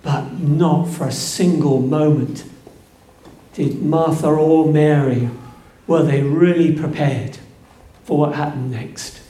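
A man preaching a sermon, slow and emphatic, building to fervent peaks. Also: fairly high pitch, steady tone, dark tone. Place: church. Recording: echoey church room.

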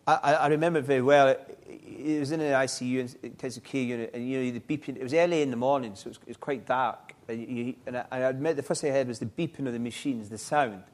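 A middle-aged man, telling his life story in an interview, halting and reflective with frequent restarts. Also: mid-range voice, fairly even intonation. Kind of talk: personal testimony in an interview.

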